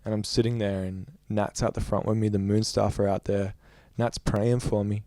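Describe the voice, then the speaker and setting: A man's voice: lowish voice, level tone, normal speed, warm tone, dry recording, studio quality. A man, a young adult musician, recounting a story in a casual interview with a rambling, filler-heavy way of talking. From Australia. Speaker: musician guest.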